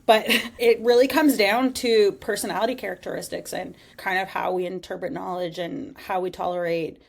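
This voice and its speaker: A woman co-hosting a casual podcast, chatty and animated, laughing often. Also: mid-range voice, normal speed, gravelly. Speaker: podcast co-host.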